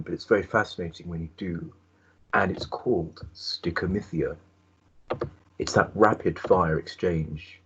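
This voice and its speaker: Male teacher, very deep voice, dull lo-fi recording, explanatory classroom delivery. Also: breathy edge. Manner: explanatory, asks the class questions.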